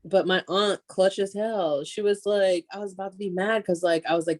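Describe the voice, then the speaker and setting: A woman's voice: medium pitch, normal speed, few pauses. A woman co-hosting a podcast, telling stories in casual chat with plenty of swearing. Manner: profane, animated storytelling. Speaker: podcast co-host.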